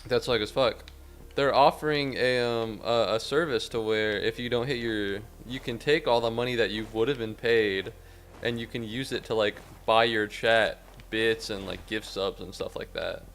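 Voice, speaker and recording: A man's voice: fairly low pitch, moderate pace, a bit bright, a little hiss or hum. A young man streaming a game, rambling and sarcastic, swearing a lot and yelping suddenly at the game. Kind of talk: casual gameplay commentary.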